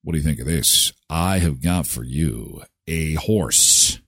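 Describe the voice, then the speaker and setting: Shady horse thief, low sly mumbler, played by a man, dry close sound. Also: takes it slowly, a bit bright, husky, no room sound, heavily acted.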